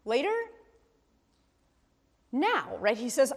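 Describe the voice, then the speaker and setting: High-voiced woman teaching scripture, echoing hall. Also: animated, unhurried. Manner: thinks aloud, asks questions, tags with "right?". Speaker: Bible study teacher. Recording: long reverb from a hall.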